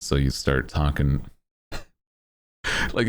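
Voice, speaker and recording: A man chatting casually on a livestream, laid-back and rambling, with plenty of "like" and "dude." His voice is extremely deep and gravelly with slow, unhurried pacing. His pitch still swings a lot as he talks. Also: animated, a little mellow. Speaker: streamer.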